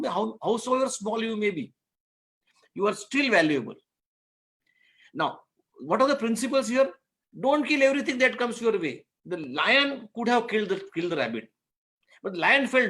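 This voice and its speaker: A man teaches business owners in an earnest, repetitive way. His voice sits high for a man and carries a gravelly fry. He tells a simple animal fable to drive home his lessons. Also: animated, moderate pace, sharp tone. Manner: earnest, repeats words, tells a fable to make points. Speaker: guest speaker on business law. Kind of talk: online masterclass talk.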